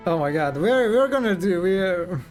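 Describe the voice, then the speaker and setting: A man's voice: high-pitched, animated, moderate pace, soft background music. A man casually commenting while playing a game on a live stream, chatty with giggly asides.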